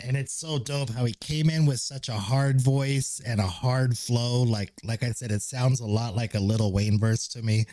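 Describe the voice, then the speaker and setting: A man with a fairly low, warm voice streams live and reacts to a song with casual, enthusiastic commentary. He swears a lot and rambles, often restarting his sentences. The recording is dry.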